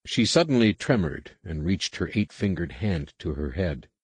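Deep husky male audiobook narrator. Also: animated, moderate pace, hardly any pauses, no echo. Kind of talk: scripted narration.

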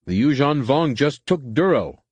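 A man doing a defiant shouting alien dockworker. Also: on the high side, very animated, moderate pace, breathy edge, dry recording, pitched above the performer's own voice. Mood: hostile, shouting. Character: hostile male alien dockworker, mob spokesman.

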